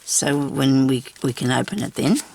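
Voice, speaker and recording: Older woman, craft host, heavy gravel and husky tone, rambling self-talk while she works at home. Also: extremely low pitch, expressive, normal speed, darkish tone. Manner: rambling, talks to herself while working. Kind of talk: casual crafting chat.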